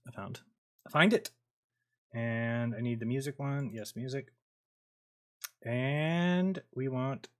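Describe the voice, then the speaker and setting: A man's voice: medium pitch, fairly bright tone. A man hosting a livestream who rambles casually and swears now and then. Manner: rambling, laid-back, swears. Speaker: livestream host.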